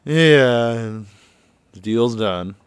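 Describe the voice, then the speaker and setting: A man's voice: mid-range voice, animated, very slow, smooth, no echo. A man casually recapping a video game, chuckling often and loosely paraphrasing the dialogue. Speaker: gameplay commentator. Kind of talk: casual let's-play recap.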